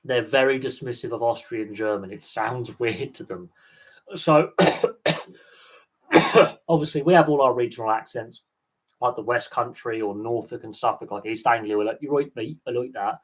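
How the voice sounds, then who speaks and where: A man from England hosting a live stream, chatting casually in a rambling, animated way. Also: mid-range voice, normal speed. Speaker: host.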